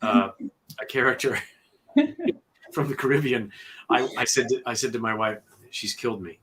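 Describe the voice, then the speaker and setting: A man who narrates audiobooks, telling studio stories in a lively interview with lots of fillers and restarts. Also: mid-range voice, normal speed, breathy edge. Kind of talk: conversational storytelling interview.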